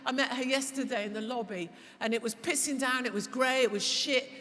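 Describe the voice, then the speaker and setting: A woman talking as a podcast guest before a live audience, impassioned and swearing, laughing, and rising to shouts. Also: high voice, steady tone, a little fast. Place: large church hall before a live audience. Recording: echoey hall with audience noise.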